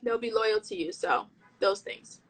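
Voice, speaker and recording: A woman's voice: mid-range voice, unhurried, poor audio. A woman stylist chatting casually in an interview over a video call, slangy and full of restarts. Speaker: fashion stylist.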